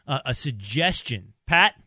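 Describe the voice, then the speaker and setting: A man's voice: medium pitch, very animated, normal speed, bright, forceful tone, breathy edge, dry recording, clean studio sound. A man from Texas co-hosting a casual talk radio show, joking and poking fun at himself. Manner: joking, self-mocking. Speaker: radio co-host.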